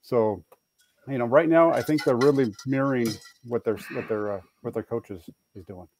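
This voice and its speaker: A man's voice: medium pitch, moderate pace, darkish tone. A man on a sports podcast panel, thinking aloud with hesitant starts and fillers. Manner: hesitant, thoughtful, many fillers. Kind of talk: sports talk.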